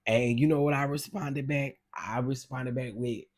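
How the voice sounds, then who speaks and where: A man's voice: mid-range voice, fairly even intonation, moderate pace. A man hosting a casual livestream, gossiping animatedly and exclaiming straight to his viewers. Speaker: livestream host.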